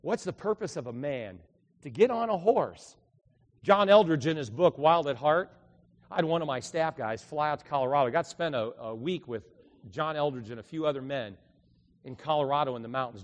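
A middle-aged man preaching a sermon in a church, swinging between loud, fervent bursts and quiet, confiding asides. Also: medium pitch, animated, brisk. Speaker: pastor. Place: church sanctuary. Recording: echoey church hall.

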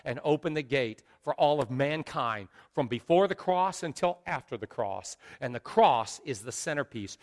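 A middle-aged man preaching a sermon as pastor, emphatic and repetitive. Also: fairly high pitch. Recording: long reverb of a large hall.

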